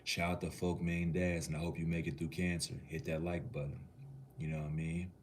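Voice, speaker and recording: A man's voice: low-pitched, level tone, fast, a little hiss or hum. A man from Minneapolis, Minnesota, chatting casually on a livestream and answering viewers' comments in a laid-back, easygoing way. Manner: laid-back, easygoing, talks to the chat like a cool uncle.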